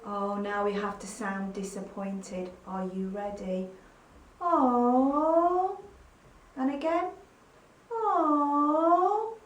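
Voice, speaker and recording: A woman teacher with an East Midlands English accent gives a phonics lesson to young children. She talks slowly in a sing-song, encouraging way and acts out each sound. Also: medium pitch. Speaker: primary school teacher. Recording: echoey room, mic at a distance.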